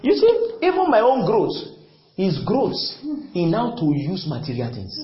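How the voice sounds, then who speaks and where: A man preaching a sermon, repeating phrases emphatically and often shouting to the congregation. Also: high-pitched, huge pitch swings, measured pace. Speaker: pastor. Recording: echoey, dull lo-fi church recording.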